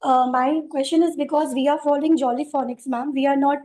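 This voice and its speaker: Woman teacher, high soft voice, hesitant questioner on a video call. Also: steady tone, a little fast, rough recording. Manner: hesitant, many fillers, polite "ma'am". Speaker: teacher asking a question in a training webinar. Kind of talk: question in an online teacher training.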